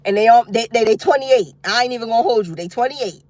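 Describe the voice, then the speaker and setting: A woman vlogger chatting casually with her viewers from outside a youth football practice. She is expressive and loose, with frequent laughter. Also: on the high side, quick pace, no echo. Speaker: single mom vlogger talking to viewers. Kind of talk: casual chat.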